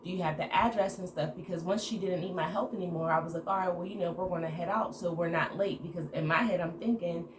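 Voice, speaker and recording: A woman telling a casual story to her viewers in an animated way, acting out the dialogue. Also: fairly low pitch, fast, hardly any pauses. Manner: animated retelling with acted-out quoted dialogue. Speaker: storytime vlogger. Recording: echoey room with background noise.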